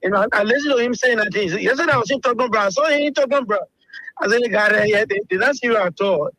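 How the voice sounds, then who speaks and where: A man phones in to a radio show, his voice very high and bright. He stumbles over repeated words, and the sound is dry and close. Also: dry recording, low-quality recording. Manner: halting, repeats words, many fillers. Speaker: caller. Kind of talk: phone-in comment.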